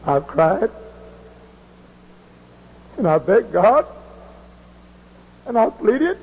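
A man preaches a revival sermon to a large congregation in a big hall, hollering and telling stories with passion. His voice sits high, sing-song and slightly rough, and he speaks extremely slowly. The recording is muffled and lo-fi.

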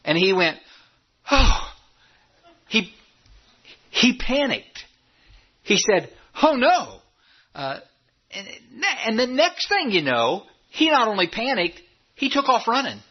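Husky-voiced man preaching a sermon. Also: sits high, measured pace. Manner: animated storytelling, repeats and stumbles over words. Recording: dull lo-fi recording.

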